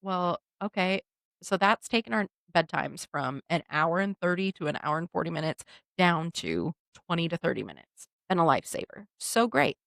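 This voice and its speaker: A woman co-hosting a casual podcast chat, a mother of two young children, telling lively stories and acting out the quotes. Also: lowish voice, moderate pace, vocal fry, no echo. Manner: animated storyteller who acts out quotes. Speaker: podcast co-host.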